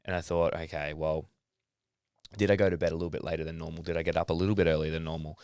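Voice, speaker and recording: Deep-voiced Australian man, smooth and dry. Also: fast, dry recording. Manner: relaxed, swears casually, acts out his own inner thoughts. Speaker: podcast guest, athlete. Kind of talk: casual interview talk.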